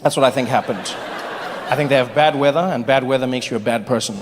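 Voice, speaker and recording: A man from Africa performing an animated stand-up comedy routine, acting out voices as he tells stories. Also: mid-range voice, fast talker, noisy background. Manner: animated storytelling with acted-out voices. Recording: live hall with audience. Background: audience laughter.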